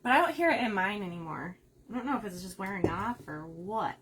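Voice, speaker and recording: A woman's voice: medium pitch, lively intonation, a little fast, noisy background. A woman from the Upper Midwest hosting a craft livestream, chatting casually, laughing often and reading viewer comments aloud. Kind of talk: casual chat while crafting.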